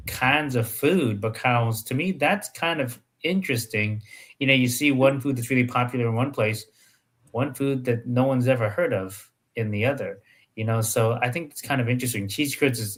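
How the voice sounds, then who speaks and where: Guy on a podcast telling a story, plays out the back and forth, mid pitch. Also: fairly bright tone. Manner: storytelling, acts out dialogue. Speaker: podcast co-host. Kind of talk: casual chat.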